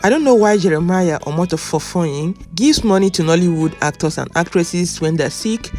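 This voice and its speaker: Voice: medium pitch, lively intonation, moderate pace, darkish tone, soft background music. A commentator talking through a story in an indignant, musing tone. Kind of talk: casual commentary.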